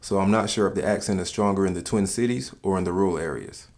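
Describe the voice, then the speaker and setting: A man from the States, giving calm, measured scripted narration for a countdown video. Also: low-pitched. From Southern United States.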